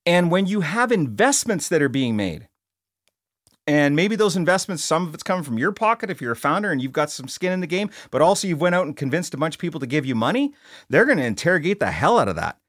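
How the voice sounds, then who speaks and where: A man's voice: fairly high pitch, very animated, fast, fairly bright tone, no echo. A middle-aged man hosting a podcast in a studio, talking bluntly and casually, often restarting and repeating words. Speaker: podcast host. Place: recording studio.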